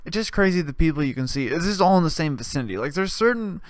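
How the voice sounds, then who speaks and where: A young man hosting a podcast, telling rambling, profane stories in a casual monologue with lively voiced retellings. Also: a little high, fast, no echo, clean studio sound. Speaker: podcast host.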